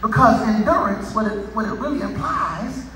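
A male preacher giving a sermon, with repetitive lines that build into shouted crescendos. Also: high-pitched, moderate pace, faint music behind. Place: church sanctuary. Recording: echoey hall from far off.

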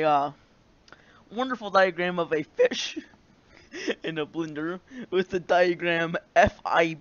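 A man's voice: a little high, fairly bright tone. A young man casually reading a note aloud, giggling and breaking into laughter often. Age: young adult. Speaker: vlogger. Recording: dull lo-fi dry recording.

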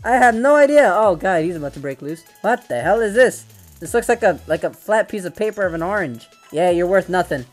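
A man hosting a VR fishing game video, excitable and joking, swearing often as he plays. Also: high-pitched, a little fast, soft background music. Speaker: gaming channel host. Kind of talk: VR game commentary. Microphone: VR headset gameplay capture.

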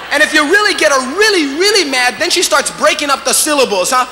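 During a standup routine, this man talks fast in an extremely high voice with lively intonation, barely pausing. His Hawaiian Pidgin accent comes through as he chats and constantly checks in with the crowd by asking "you know?" The live stage recording has reverb and noise.

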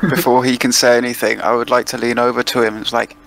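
Gravelly, bright-toned dry man. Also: medium pitch, flat delivery, fast, slight background noise, low-quality recording. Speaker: player.

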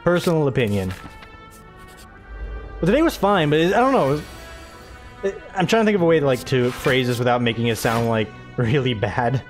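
A man's voice: medium pitch, lively intonation, brisk, pauses often, faint music behind. Rambling young American gamer guy. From United States. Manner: rambling, chatty, laughs often, jumps between game and his day. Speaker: gaming channel host. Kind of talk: casual let's-play chat.

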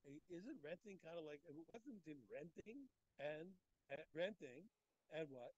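A man teaching a daily Talmud page, his voice high and a little husky. He swings widely up and down as he explains, restarting and repeating phrases as the argument builds. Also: normal speed, no echo, rough recording. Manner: animated, repeats phrases, acts out the text's speakers. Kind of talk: daf yomi Talmud class.

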